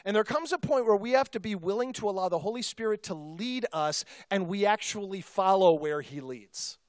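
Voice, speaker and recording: A male pastor telling a personal story in a sermon, in a conversational, self-deprecating and animated way. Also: high-pitched, normal speed, no echo, clean studio sound.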